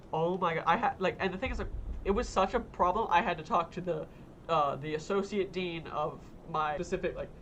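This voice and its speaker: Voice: medium pitch, fairly bright tone, slight background noise. A young adult streamer chatting casually while gaming, telling long rambling stories full of fillers and swearing.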